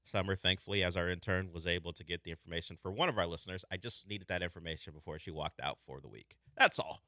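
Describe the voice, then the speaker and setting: A man's voice: quick pace, no room sound. A young man hosting a sports radio show, chatting casually and animatedly from a studio mic. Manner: animated, breaks into a squeaky voice when mimicking. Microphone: studio microphone.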